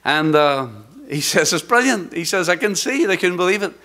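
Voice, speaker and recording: A man, the church's pastor, preaching a sermon, rising loud when he reads scripture and dropping to quiet, hushed words. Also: high-pitched, lively intonation, normal speed. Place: church sanctuary.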